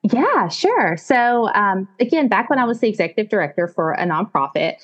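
A woman in her late forties with a Southern US accent tells her story as a guest on a podcast interview; she is a business founder. Her storytelling is warm and animated, and she quotes her own thoughts. Her pitch is medium and her speed normal, though the recording's highs are cut off.

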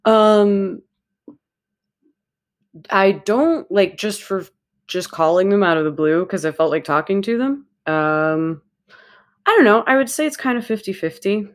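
A woman's voice: mid-range voice, lively intonation, a little slow, long pauses. A woman podcast host telling a story in casual chat, acting out quotes and laughing often.

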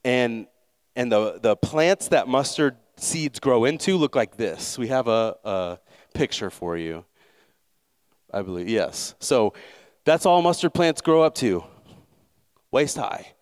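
A man's voice: medium pitch, lively intonation, slow pace, pauses often, smooth. A man pastor giving a conversational Sunday sermon in church, leading a prayer and asking the congregation to repeat after him.

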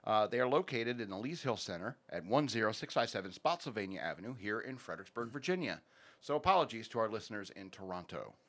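A man's voice: lowish voice, expressive, fast talker, fairly bright tone. A man hosting a casual podcast, rambling and joking through sponsor reads with plenty of fillers. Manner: rambling, jokey, many fillers. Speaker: podcast host.

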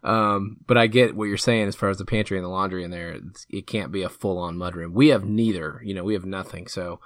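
Low-voiced joking podcast man. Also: steady tone, brisk, no room sound, studio quality. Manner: chatty, joking, trails off and restarts. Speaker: podcast co-host. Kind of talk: casual chat.

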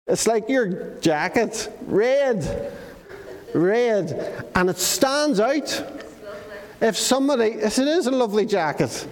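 High-voiced man in a hall. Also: animated, takes it slowly. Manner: storytelling, asks the children questions. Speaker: children's talk leader. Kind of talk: children's talk in church. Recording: reverberant hall.

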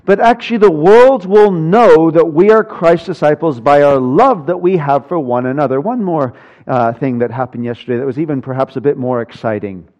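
A pastor delivers his sermon in a voice pitched a little high, moving from dry jokes to earnest emphasis. The sound is muffled and lo-fi. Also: normal speed, darkish tone. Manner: storytelling, wry humor, rising emphasis. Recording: dull lo-fi sound.

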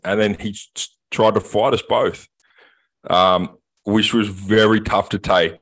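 A man, co-hosting a podcast and telling a long story in casual chat, sweary and animated. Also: lowish voice, slow pace. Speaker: podcast co-host.

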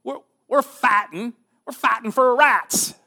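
A man voicing a stubborn Confederate soldier prisoner with a Southern American drawl, much higher than his own voice. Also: slow pace, gravelly, bright, forceful tone, exaggerated voice.

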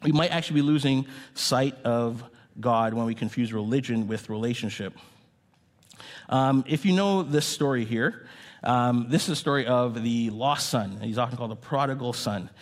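A man giving an earnest sermon as a pastor, speaking in a measured way with small pauses and fillers. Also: medium pitch. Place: church hall. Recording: long hall reverb.

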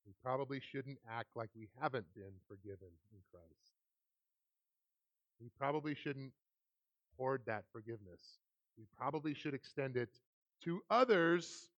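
A man's voice: medium pitch, lively intonation, a little slow, pauses often, fairly bright tone, no room sound, muffled recording. A man, a pastor, preaching a sermon, telling stories about himself with self-deprecating humor and reading scripture earnestly. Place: church sanctuary.

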